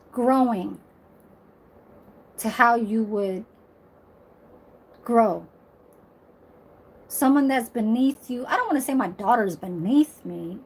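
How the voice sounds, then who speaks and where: Woman vlogger in her forties, blunt and profane, unhurried delivery. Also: on the high side, slightly rough. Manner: blunt, emphatic, profane, laughs loudly. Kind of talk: casual monologue to camera.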